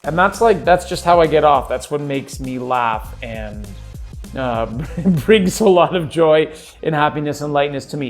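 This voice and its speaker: A man's voice: fairly high pitch, lively intonation, a little slow, faint music behind. A man hosting a solo podcast, chatting casually in a goofy, rambling, self-amused way. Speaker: podcast host.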